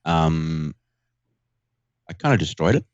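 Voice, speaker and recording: A man guest on a gaming podcast, telling a story in a self-deprecating, animated way. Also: extremely low pitch, takes it slowly, highs cut off, a little hiss or hum. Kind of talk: casual storytelling.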